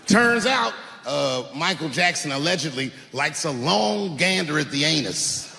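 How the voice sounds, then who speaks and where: A man telling profane stand-up stories on a large stage into a handheld mic. His voice sits high and swings widely as he shouts his punchlines. The long hall reverb and audience noise mark it as a live theater recording. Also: animated, a little slow, creaky. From Washington, D.C. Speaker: stand-up comedian.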